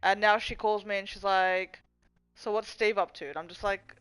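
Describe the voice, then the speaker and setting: A young woman chats loosely on her livestream, cursing often and drifting between jokes and reading out chat. Her voice comes across smooth and clear, and the sound is dry and close with no room echo. She talks at a middling pitch. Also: moderate pace, a bit bright. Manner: chatty, profane, goofy, reads chat aloud. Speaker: livestream host. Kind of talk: casual rambling livestream chat.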